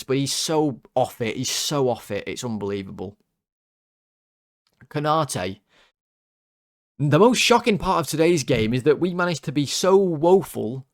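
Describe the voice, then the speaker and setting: A man ranting heatedly as he rates his team's players after a loss, swearing and exasperated. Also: fairly high pitch. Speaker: football fan channel host. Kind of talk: angry ranting player ratings.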